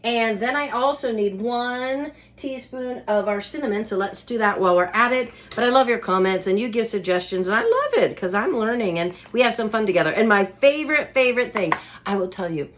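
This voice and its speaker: A woman's voice: a little high, lively intonation, a little fast. A woman hosting a home cooking vlog, chatting to her viewers while cooking in her kitchen and laughing often. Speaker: cooking show host.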